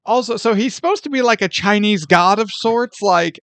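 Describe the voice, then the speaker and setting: A man's voice: high-pitched, normal speed, a bit bright, no echo. A man co-hosting a movie podcast in casual chat, opinionated and easily exasperated as he steers the topics. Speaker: podcast co-host.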